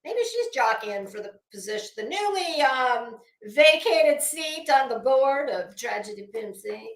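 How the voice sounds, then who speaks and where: With a high, slightly bright voice and a roomy sound, a woman hosts a casual YouTube commentary stream. She chats with viewers in a gossipy, sarcastic manner and laughs often.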